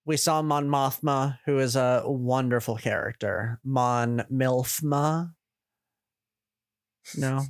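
A man's voice: medium pitch, steady tone, unhurried, few pauses, no room sound, clean studio sound. A man hosting a podcast in casual chat, enthusiastic and steering the conversation. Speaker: podcast host.

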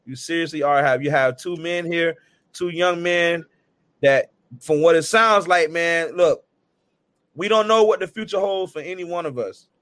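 Male podcast host, fairly high voice, earnest and slangy, dry close mic. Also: normal speed, a bit bright, dry recording. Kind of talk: casual interview chat.

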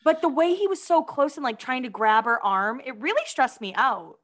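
Young woman co-host, slightly high voice, chatty, giggly. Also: animated, moderate pace, fairly bright tone. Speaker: podcast co-host reading blind items. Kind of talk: casual chat.

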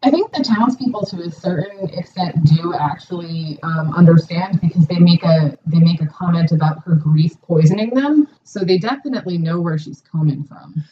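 A woman's voice: fairly low pitch, moderate pace, few pauses, dark tone, husky, lo-fi sound. A woman co-hosting a podcast, chatting casually with many fillers. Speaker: podcast co-host. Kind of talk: casual chat.

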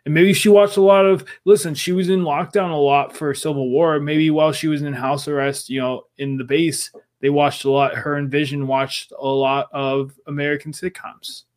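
Male podcast co-host, a touch high-pitched, eager and chatty as he theorizes. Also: normal speed. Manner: excited fan theorizing. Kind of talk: casual recap chat.

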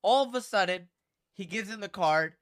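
Lively high-voiced man telling a story. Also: normal speed. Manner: animated storytelling, acts out quoted people. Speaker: podcast co-host. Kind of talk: casual podcast chat.

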